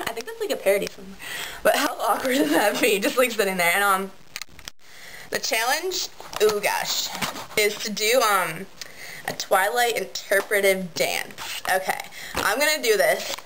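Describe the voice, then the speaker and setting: A teenage girl chatting excitedly on a webcam vlog, giggly and filling her talk with um and like. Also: mid-range voice, a little slow, noisy background. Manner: bubbly, giggly, many ums and likes. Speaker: vlogger. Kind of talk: excited casual vlog chat.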